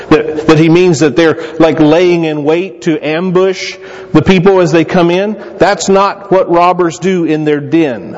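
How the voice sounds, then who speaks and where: A man preaching a sermon as pastor, telling stories with lively jumps in pitch. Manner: animated storytelling with sudden rises in pitch. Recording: dull lo-fi sound in a reverberant hall.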